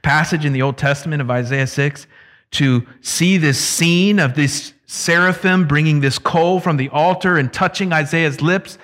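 Man, preacher, sermon, conversational, emphatic, slightly high voice. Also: normal speed, fairly bright tone.

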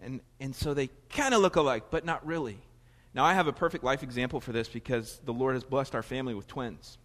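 A man's voice: medium pitch, a little fast, a bit bright. A man from Florida with a Southern US accent, preaching a sermon in a chatty, digressive way that keeps correcting itself. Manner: conversational, digressive with self-corrections. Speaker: pastor. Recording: long reverb of a large hall.

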